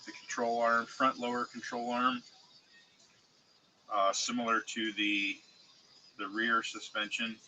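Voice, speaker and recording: A man with a cold streaming live, speaking congested and halting, with many fillers and restarts as he shows model parts to chat. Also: medium pitch, flat delivery, sharp tone, faint music behind, rough recording. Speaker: streamer showing 3D-printed model car parts. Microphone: desk mic, close.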